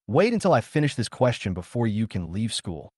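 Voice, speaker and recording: A stern, irritable schoolteacher, read by a man in a comic recap, scolding and lecturing at length. The voice sits low but moves a lot in pitch. Dry close recording. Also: very animated, brisk, darkish tone, no echo. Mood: angry.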